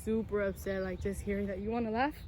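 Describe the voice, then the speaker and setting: A woman's voice: mid-range voice, fairly even intonation, fast, background noise. A young woman casually telling a personal story as co-host, chatty and full of fillers.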